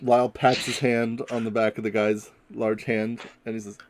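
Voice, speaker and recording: A man's voice: mid-range voice, little pitch movement, normal speed, slight background noise. A man playing a tabletop game, narrating his character's actions in a casual, rambling way. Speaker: player.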